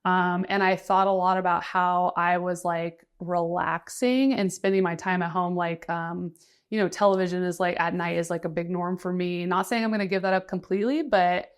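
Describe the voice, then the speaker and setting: Low-voiced young woman chatting. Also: fairly even intonation, moderate pace, smooth. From United States. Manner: chatty, many fillers and restarts. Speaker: guest, freelance writer. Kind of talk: casual conversation.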